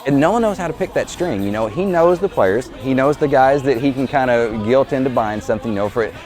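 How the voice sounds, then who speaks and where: A man's voice: mid-range voice, expressive, fast, a little mellow, faint music behind. A man, an event organizer, giving a casual interview in a rambling way and restarting his sentences.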